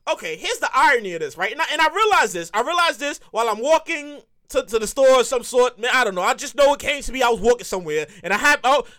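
A man hosting his own comedy show, telling a profane, excitable rant full of repeated lines. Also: extremely high pitch, fast, few pauses. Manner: profane, excitable ranting with lots of repetition.

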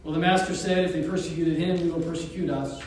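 Male pastor, sermon, storytelling with chuckles, high voice, echoey church hall, far from the mic. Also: slight background noise. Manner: storytelling, animated, with chuckles and pauses. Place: church sanctuary.

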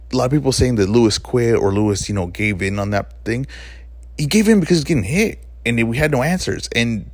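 A man's voice: mid-range voice, no echo. A man hosting his own podcast, giving an emphatic, opinionated monologue and often correcting himself mid-sentence. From Mexican heritage. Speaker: podcast host. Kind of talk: solo podcast monologue on fights.

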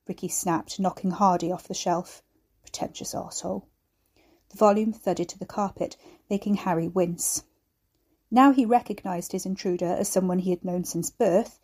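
A woman reads her own dark novel aloud in a measured, steady storytelling voice. Her tone is warm and mellow. She gives the grim scenes calm, even weight. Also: fairly low pitch. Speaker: author reading her novel. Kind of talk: audiobook narration.

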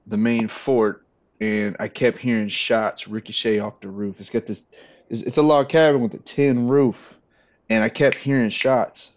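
A man chatting casually with friends, relaxed and laughing between points. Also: fairly low pitch, dull audio. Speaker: podcast co-host. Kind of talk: casual chat.

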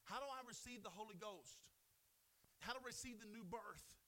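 A man preaching a sermon, building to loud emphatic questions and then dropping to a softer telling voice. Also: high voice, moderate pace.

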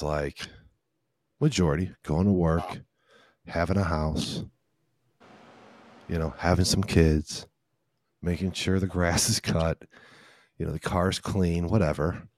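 Low-voiced podcast host, animated and rambling. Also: male voice, no echo. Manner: animated, emphatic, rambling tangents with profanity. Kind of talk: casual podcast discussion.

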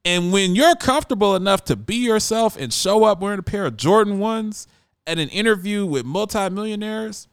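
A man's voice: sits high, lively intonation, moderate pace, smooth, no room sound, clean studio sound. A man who hosts a radio show, talking in a brash, emphatic casual monologue.

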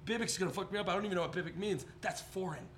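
A young man hosts a podcast, chatting casually in a high-sitting voice at a very fast clip. He rambles through jokey stories packed with swearing, with slight background noise behind him.

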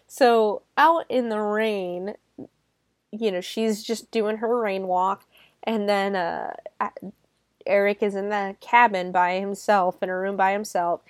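A woman podcaster chats through a film in a loose, sarcastic way, swearing freely and piling on "like" fillers. Her voice sits at a middle pitch and comes across dry and close, with no room sound. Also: measured pace, no echo. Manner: lots of "like" fillers. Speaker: podcast host reviewing a film. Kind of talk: casual chat.

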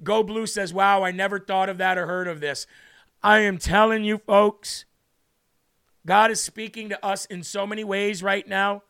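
A man's voice: high voice, steady tone, moderate pace, creaky, bright, forceful tone, clean tone. A man hosting a livestream who preaches fervently and emphatically, repeating words for stress, and is moved to tears. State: tearful, moved. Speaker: livestream host.

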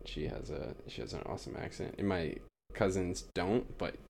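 A young man chatting on a podcast, his voice sitting on the lower side. He rambles and laughs as he goes, often trailing off and starting his thought again. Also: moderate pace, creaky, a little mellow, a little hiss or hum. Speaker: podcast co-host. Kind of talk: casual podcast chat.

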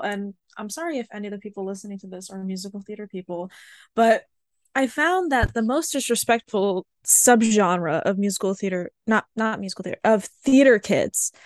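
A woman in her twenties co-hosts a podcast, chatting casually with a friend. Her middle-pitched voice carries animated, chatty stories full of fillers, and the recording is dry and close with no room sound.

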